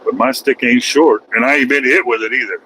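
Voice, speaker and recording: Driving his truck down the highway, a man records a casual vlog, rambling in a folksy, self-mocking manner. His mid-range voice is fairly even and quick, bright and forceful. There's slight background noise and the audio is poor.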